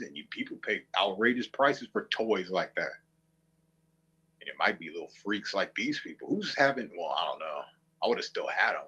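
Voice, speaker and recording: A man's voice: low-pitched, lively intonation, normal speed, pushed and bright, slightly rough, highs cut off. A man streaming, ranting to viewers with a profane, mocking, combative manner. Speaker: online streamer.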